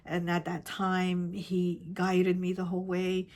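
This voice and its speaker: A woman tarot reader telling a personal story in casual chat, rambling and repeating herself, often dropping to a soft, hushed voice. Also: fairly low pitch, monotone, slow. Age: adult with children. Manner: rambling, repeats herself, many "like" and "you know".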